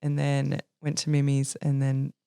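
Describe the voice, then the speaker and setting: A woman's voice: rumbling low, completely flat delivery, measured pace, gravelly, mellow, clear, resonant tone. A young Australian woman, a sommelier, chatting on a podcast in a bubbly way, laughing often and acting out what people say. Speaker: sommelier guest. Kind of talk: casual podcast chat.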